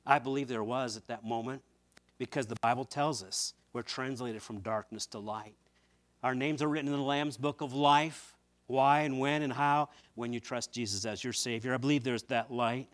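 A man preaching a sermon, fervently, moving between quiet, hushed lines and loud, emphatic ones, and repeating words as he stresses a point. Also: medium pitch, normal speed.

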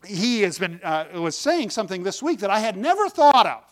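A man's voice: high-pitched, very animated, normal speed. A man preaching a folksy sermon to his congregation, with sudden emphatic bursts on key words. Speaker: pastor.

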